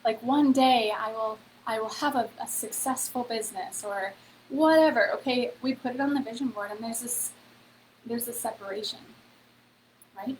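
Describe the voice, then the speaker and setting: A woman's voice: a little high, a little hiss or hum, low-quality recording. Chatty woman hosting a live stream. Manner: chatty, heavy on "like" and "okay?", addresses viewers directly. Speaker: host of a free online event. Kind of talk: casual live-stream motivational talk.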